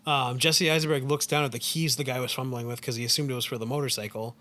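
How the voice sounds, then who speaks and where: A man co-hosting a casual podcast, walking through a film plot scene by scene. He talks at a middling pitch with a bright, forceful tone. He leans on filler words and restarts as he goes. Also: fairly even intonation, fast talker. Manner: rambling, heavy use of "like" and "um". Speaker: podcast co-host.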